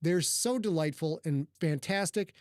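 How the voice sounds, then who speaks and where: Profane, animated male storyteller. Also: a little high, a little slow, slight background noise. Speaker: podcast host. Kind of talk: casual storytelling chat.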